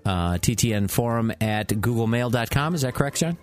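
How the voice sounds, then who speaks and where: A man co-hosting a comedic podcast, chatty, ranting and giving listener shout-outs. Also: mid-range voice, animated, fairly quick, faint music behind. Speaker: podcast co-host.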